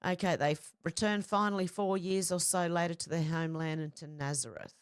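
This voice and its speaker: A woman's voice: fairly low pitch, fairly even intonation, a little fast, clean tone, dry recording, studio quality. An Australian woman hosting a casual livestream, chatty and greeting viewers by name. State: sore back. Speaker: livestream host.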